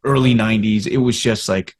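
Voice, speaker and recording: Speaking fairly low and fairly quickly, a man in his fifties, a Canadian actor guesting on a podcast, recounts his career openly in conversation. He animates his stories by acting out dialogue and inner thoughts.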